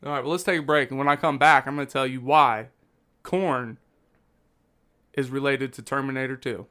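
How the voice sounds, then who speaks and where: A man hosting a podcast in a relaxed, joking way, full of "dude" and "like". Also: mid-range voice, normal speed, clean tone. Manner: laid-back, joking, says "dude" and "like" a lot. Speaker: podcast host. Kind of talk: casual podcast chat.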